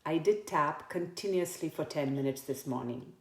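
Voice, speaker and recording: Woman practitioner with a low voice leading a tapping exercise in an echoey room. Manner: soft, slow and repetitive in the tapping script. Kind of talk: guided tapping demonstration.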